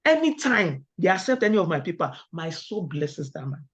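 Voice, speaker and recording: A middle-aged Nigerian woman giving a webinar talk, firing rhetorical questions at the audience and telling lively personal stories. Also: lowish voice, moderate pace, husky. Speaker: academic webinar speaker. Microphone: video call. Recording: dull lo-fi online call audio.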